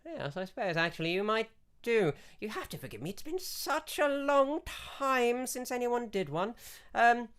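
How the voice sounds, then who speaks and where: A man voicing a scatty elderly woman priestess in a tabletop game, with a fussy, distracted, high-pitched delivery. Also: sing-song, moderate pace, fairly bright tone, clean tone, exaggerated voice. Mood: curious.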